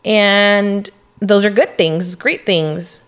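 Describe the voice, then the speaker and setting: Young woman, podcast co-host, casual chat, mid-range voice, chatty, thinks out loud. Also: mid-range voice, fairly even intonation, extremely slow. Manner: chatty, asks follow-up questions, talks things through with fillers.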